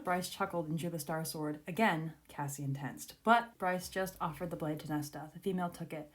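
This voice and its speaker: A young adult woman reading a fantasy novel aloud and reacting in an excitable, gushing way, breaking into laughter often. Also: low-pitched, normal speed, few pauses. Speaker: book vlogger.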